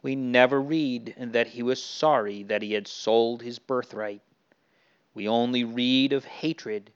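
A man's voice: mid-range voice, steady tone, slow, clear, resonant tone. A man narrating a Bible story to children in an earnest way, sometimes speaking straight to the characters. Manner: earnest, addressing the characters directly. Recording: dull lo-fi recording.

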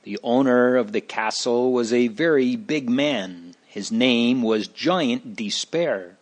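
Casting: male narrator, unhurried, measured storybook reading, middle pitch. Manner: slow, deliberate reading.

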